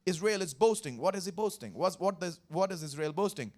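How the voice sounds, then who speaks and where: An Indian pastor delivers a Sunday sermon at a church service in a high, animated, brisk voice. He is emphatic and repetitive, echoing phrases and putting questions to the congregation.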